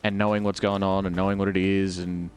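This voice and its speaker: A man's voice: low-pitched, little pitch movement, brisk. A man chatting casually and rambling as he plays a video game on stream. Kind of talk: let's play commentary.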